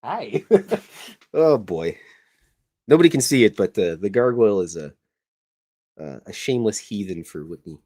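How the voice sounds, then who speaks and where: A middle-aged Canadian who hosts a podcast and draws cartoons meanders through a relaxed chat while sketching, full of jokes and digs at himself. His warm, expressive voice is on the low side, moving at a moderate pace with frequent pauses.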